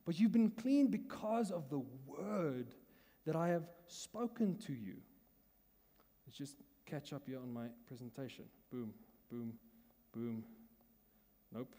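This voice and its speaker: Pastor, male, South African accent, mellow voice, chatty teaching tone, church hall with long reverb. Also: fairly high pitch, big pitch swings, measured pace, breathy edge. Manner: conversational teaching, asks the congregation questions, laughs often. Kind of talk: sermon.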